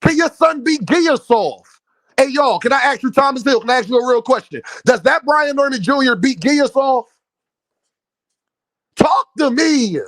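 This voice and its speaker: A man with a high voice that swings widely up and down, hosting a livestream and firing back at his chat. He is brash, profane and mocking, and he sounds dry and close to the mic. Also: animated, normal speed, fairly bright tone, no echo. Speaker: boxing livestream host. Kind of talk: heated livestream rant at viewers.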